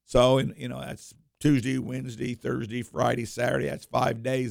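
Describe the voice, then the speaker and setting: Gravelly-voiced man spinning a yarn. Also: mid-range voice, normal speed, no echo, studio quality. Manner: rambling, repeats words and restarts, animated anecdotes. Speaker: coin shop owner, radio guest. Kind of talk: casual storytelling on a talk radio show.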